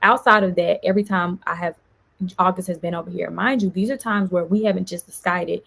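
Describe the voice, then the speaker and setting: A woman vlogger, venting in an animated storytime and quoting others as she goes. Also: fairly low pitch, brisk, vocal fry. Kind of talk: casual storytime vlog.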